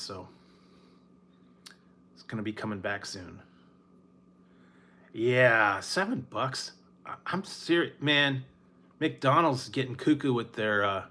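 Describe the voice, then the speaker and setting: Laid-back rambling man, bright voice. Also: mid-range voice. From Northern California. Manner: rambling, laughs often, sighs. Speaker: food reviewer. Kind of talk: casual late-night chat.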